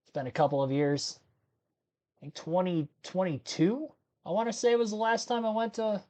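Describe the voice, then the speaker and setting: A man from Ohio chats casually through a livestream. He rambles, second-guesses dates and corrects himself out loud. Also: sits high, fairly even intonation, moderate pace. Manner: rambling, laughs while talking, self-correcting. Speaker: livestream host. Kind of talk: casual live commentary chat.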